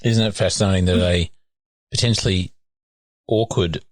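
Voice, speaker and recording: A man hosts a casual podcast interview in a deep voice. He chimes in with brief reactions and follow-up questions. The recording is dry and close. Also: fairly even intonation, normal speed, no room sound. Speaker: podcast host.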